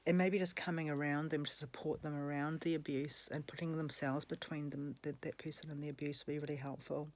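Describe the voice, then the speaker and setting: A woman's voice: low-pitched, level tone, a little fast, hardly any pauses, darkish tone. A woman, speaking in an angry, emphatic personal monologue, swearing and repeating herself for emphasis, with a cough at times. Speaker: vlogger.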